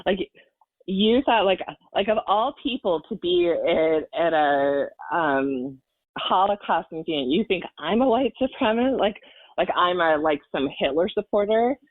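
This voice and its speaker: A woman's voice: on the low side, expressive, unhurried, dry recording. Earnest woman on a tinny line. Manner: earnest and emotional, rambling with many fillers and restarts. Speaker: podcast guest. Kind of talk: personal storytelling in casual chat. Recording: tinny phone-like line, dry.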